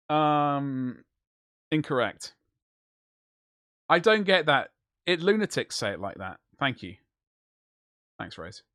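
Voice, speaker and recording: Animated, rambling man chatting on stream. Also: mid-range voice, dry recording, studio quality. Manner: rambling, jokey banter with chat. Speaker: livestreamer. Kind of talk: casual live-stream chat while painting.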